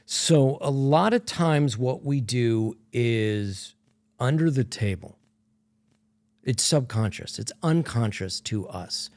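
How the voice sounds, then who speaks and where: A man coaching in a podcast conversation, speaking calmly and explanatorily and often softening his voice. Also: medium pitch. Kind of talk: reflective coaching talk.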